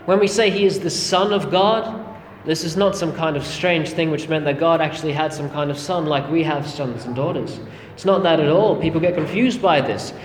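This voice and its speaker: A man's voice: a little high, normal speed, a little hiss or hum. A man preaching a sermon, earnest and emphatic, calling his listeners friends. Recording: echoey hall with long reverb, faint ambience.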